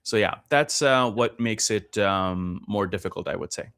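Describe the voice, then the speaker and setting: A man who grew up in Norway, explaining things patiently in a casual podcast conversation, with frequent pauses and fillers. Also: lowish voice, a bit bright, clean tone. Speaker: podcast guest.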